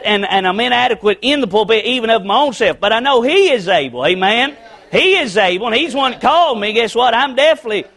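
A man's voice: very high-pitched, fairly bright tone. A man pastor delivering a plainspoken, conversational sermon to his congregation, repeating phrases and dropping "amen" after nearly every point. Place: church sanctuary with a congregation.

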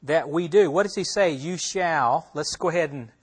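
A man's voice: fairly high pitch, fast, darkish tone, husky. A man teaching a Bible passage as a pastor, conversational, asking his listeners questions and repeating himself as he talks it through. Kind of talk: expository sermon.

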